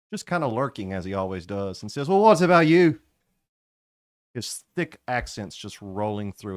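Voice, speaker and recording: A man acting as game master, narrating a tabletop game in a lively, casual way. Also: lowish voice, no room sound, clean studio sound.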